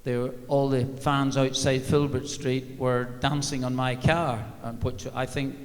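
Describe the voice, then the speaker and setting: A man's voice: medium pitch, level tone, measured pace. An older man, a former football manager, telling wry, dryly funny stories on stage. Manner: anecdotal, wry, dry humour. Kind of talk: live on-stage storytelling. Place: large arena stage. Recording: long reverb of a big hall.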